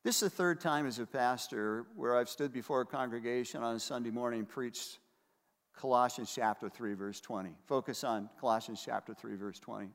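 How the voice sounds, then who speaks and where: A man's voice: medium pitch, a little fast. An older man preaching a sermon as pastor, emphatic and repeating key phrases for weight. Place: church hall. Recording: reverberant hall.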